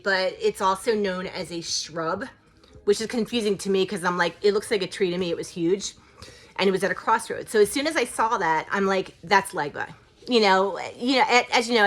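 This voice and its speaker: A woman talks straight to her viewers in a loose, wandering way, padding her sentences with "like" and "you know." Her words run on with feeling as she shares her spiritual practice. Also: mid-range voice. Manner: rambling, emotional, heavy use of "like" and "you know". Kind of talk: casual spiritual vlog talk.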